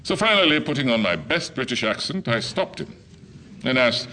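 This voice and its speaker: An older man from Nigeria delivering a formal lecture in a measured, oratorical manner. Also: mid-range voice, very animated, sharp tone, a little hiss or hum. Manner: measured, oratorical delivery with wide swings in emphasis.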